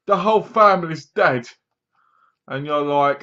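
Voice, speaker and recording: A man's voice: a little high, animated, normal speed, fairly bright tone. A man giving a casual spoken review of a horror movie, sarcastic and mocking, acting out scenes as he goes. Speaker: film reviewer. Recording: dull lo-fi sound.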